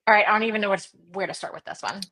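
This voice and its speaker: A woman's voice: mid-range voice, steady tone, racing, bright, forceful tone. Playful giggly woman from Tennessee. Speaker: whisky tasting panelist. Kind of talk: casual banter.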